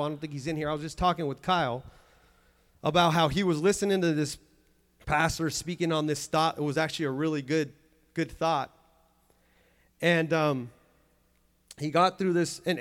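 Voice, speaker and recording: A man preaching a sermon in church, earnest and emphatic, often restarting and repeating phrases. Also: fairly high pitch.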